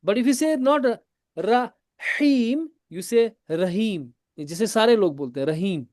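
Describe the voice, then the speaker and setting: A man teaching a tajweed class in a classroom. He explains slowly, asks his students questions, repeats his points and switches into Hindi now and then. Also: high-pitched, sing-song, a little mellow, dry recording, studio quality. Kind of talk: classroom lesson.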